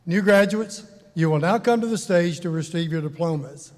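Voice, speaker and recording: A man with a Southern US accent reading graduates' names at a commencement in slow, measured formal announcements. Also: on the high side, a little mellow. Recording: long hall reverb.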